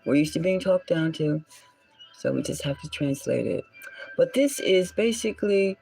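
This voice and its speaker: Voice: mid-range voice, animated, normal speed, creaky, darkish tone, slightly rough, faint music behind, low-quality recording. A tarot reader and channel host giving a solo reading in a musing way, often dropping into a whisper and stopping to correct words.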